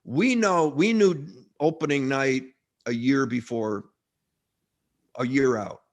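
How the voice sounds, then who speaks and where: A man's voice: mid-range voice, slow. A middle-aged man, an actor, telling stories in a casual interview with many restarts. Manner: rambling, frequent restarts, lively anecdotes. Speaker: actor, guest.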